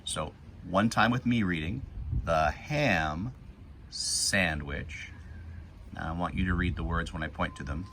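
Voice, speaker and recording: A man teaching young children to read, reading a picture book slowly and patiently, word by word. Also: low-pitched, fairly bright tone, slight background noise.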